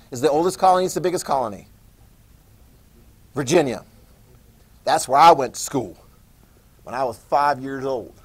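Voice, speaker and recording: A middle-aged man teaching a classroom lesson, chatty, with asides and questions to his students. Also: medium pitch. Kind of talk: classroom lecture.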